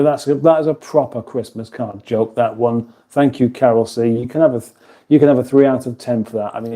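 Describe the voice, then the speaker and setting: A man's voice: mid-range voice, mellow. A man hosting a casual kitchen livestream, chatting loosely and reading out viewer comments, often chuckling and breaking off his own sentences. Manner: rambling, chuckling, self-interrupting. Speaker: livestream host. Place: home kitchen.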